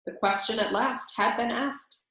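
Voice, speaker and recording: A woman teacher reading a children's book aloud with expressive storytelling. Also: a little high, unhurried. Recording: very echoey room.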